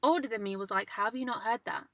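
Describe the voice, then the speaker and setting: A woman's voice: on the high side, fast talker, a bit bright, dry recording. A young woman co-hosting a casual chat, candid and self-mocking, often amused. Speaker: podcast co-host. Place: parked car.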